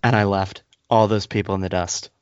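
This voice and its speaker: A low-pitched man tells a rambling, worked-up story on a casual podcast and jumps into high, squeaky voices to play the people he met. The sound is dry and close, but muffled and lo-fi. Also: fairly quick, clear, resonant tone, no echo. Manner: animated storyteller, acts out others in high voices. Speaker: podcast co-host.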